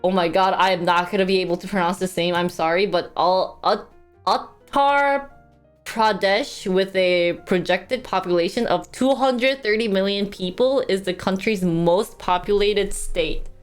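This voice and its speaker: A woman's voice: lowish voice, fairly even intonation, moderate pace, hardly any pauses, clean tone, soft background music. A woman live streamer chatting casually and reading news aloud. She thanks donors and stumbles over hard words.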